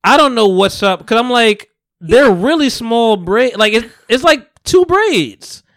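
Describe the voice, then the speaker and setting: A man's voice: very high-pitched, expressive, measured pace, a bit bright, dry recording, studio quality. A man co-hosting a podcast in casual chat, blunt and profane, laughing often. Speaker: podcast co-host.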